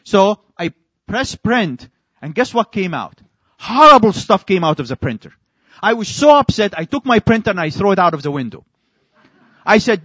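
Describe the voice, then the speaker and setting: Animated storytelling preacher, high voice. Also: male voice, normal speed, husky, dry recording. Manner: storytelling, animated, acts out his own quoted lines. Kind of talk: sermon with an illustration story. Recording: dry, slightly dull recording.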